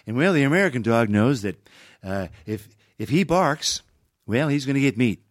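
A man impersonating an older male president, who tells jokes with a folksy drawl full of halting ums and wells. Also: medium pitch, lively intonation, no room sound, clean studio sound, lightly acted. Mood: joking.

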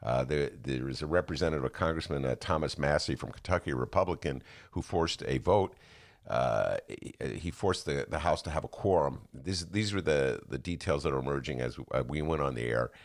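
A man's voice: rumbling low, animated, fairly quick. A man hosting a casual political talk show from his attic, rambling and restarting his sentences, often laughing. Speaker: podcast host. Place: home attic.

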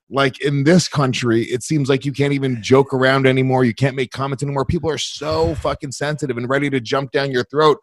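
A man's voice: mid-range voice, no echo. Blunt swearing man, dry close sound. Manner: blunt, swearing, laughs easily. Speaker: podcast co-host, comedian. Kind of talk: casual podcast chat.

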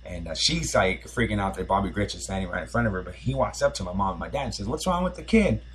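Guy in his 40s rambling thru a story on a podcast, kinda low husky voice, lots of ums. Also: fast, a bit bright. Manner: rambling nostalgic storytelling with many fillers and restarts. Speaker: podcast host. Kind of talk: casual storytelling.

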